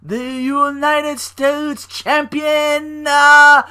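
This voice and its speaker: A man's voice: very high-pitched, little pitch movement, bright, forceful tone, pitched above the performer's own voice, heavily acted. A man doing an impression of a female wrestling ring announcer, stretching every name out with projected, rolled R's. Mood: hyped. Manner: drawn-out, trilled, projecting calls.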